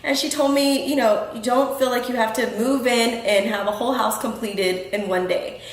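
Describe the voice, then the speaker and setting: A woman's voice: a little high, steady tone, normal speed, roomy sound, poor audio. A woman hosting her own show, talking earnestly and casually to her listeners, with frequent ums and restarts. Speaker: podcast host. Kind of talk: casual talk to the audience. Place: home room in Houston.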